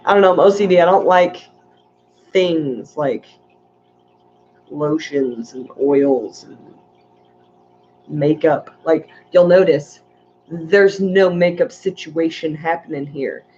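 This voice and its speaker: A woman's voice: deep voice, slow, long pauses, darkish tone, lo-fi sound, slight background noise. A woman hosting a casual livestream, chatting in a rambling way and reading viewer comments aloud. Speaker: aquarium channel host.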